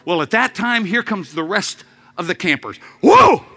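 A man preaching a sermon as a story, acting out voices with laughs and sudden shouts. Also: sits high, lively intonation, moderate pace.

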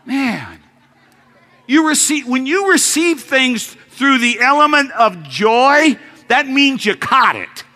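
A man preaching an energetic sermon, joking with the congregation and breaking into shouted rallying calls. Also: extremely high pitch, slow.

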